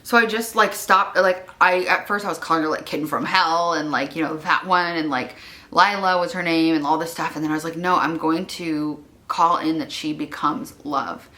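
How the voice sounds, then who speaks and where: A young woman chats to her camera at home in a loose, rambling way, full of "like" fillers. Her voice sits low yet sounds bright and forward. She gets emotional easily. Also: normal speed. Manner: chatty, rambling, many "like" fillers; emotional, wavering at times. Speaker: vlogger. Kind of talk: casual vlog chat.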